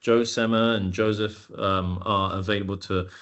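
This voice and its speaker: A man hosting a webinar over a video call, talking in a loose, relaxed way with many fillers. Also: on the low side, moderate pace. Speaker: webinar host.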